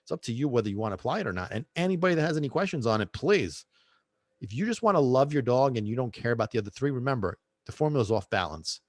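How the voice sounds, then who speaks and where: Speaking fast and expressively at a medium pitch, this man delivers a casual podcast monologue about his dog training work. He's passionate, somewhat preachy and repetitive, and sprinkles in Italian phrases, recorded dry in a clean studio.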